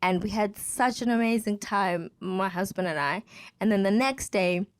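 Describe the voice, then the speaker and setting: A woman's voice: mid-range voice, moderate pace. A woman in her thirties, a podcast guest, telling a story in casual chat and acting out what other people said. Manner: animated, acts out quoted people.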